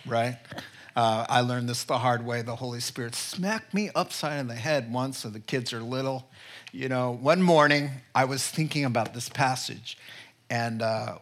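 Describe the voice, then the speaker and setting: A man's voice: mid-range voice, a bit bright. A middle-aged man preaching a sermon as pastor, telling stories playfully and laughing at his own jokes.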